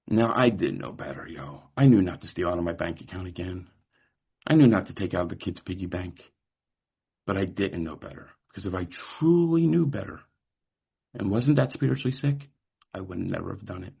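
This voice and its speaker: A man's voice: sits low, moderate pace, vocal fry, slightly rough. A man from California giving a candid, profane personal share at a recovery meeting, telling stories with quoted dialogue. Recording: muffled lo-fi recording.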